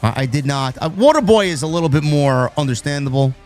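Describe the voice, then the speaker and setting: A man's voice: fairly high pitch, animated, fairly quick, a little mellow, faint music behind. A man from New York who hosts a live stream, chatting casually and reading out viewer messages, with frequent restarts. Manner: rambling, restarts, reads viewer messages aloud. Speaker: host of a wrestling live stream.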